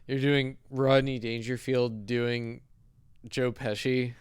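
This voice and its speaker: A man's voice: mid-range voice, level tone, slow. A man co-hosting a comedy podcast, teasing his partner with crude jokes in casual banter. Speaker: podcast co-host.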